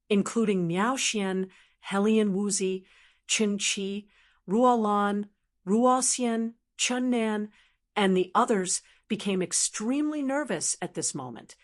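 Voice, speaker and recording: Woman narrating a fantasy audiobook. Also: medium pitch.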